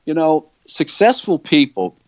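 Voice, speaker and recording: A man's voice: a little high, sing-song, unhurried, no room sound. An older man, the guest of an interview, telling a long rambling story and often checking in with "right?" and "you know". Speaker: guitar company founder, interview guest. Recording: dull, dry lo-fi sound.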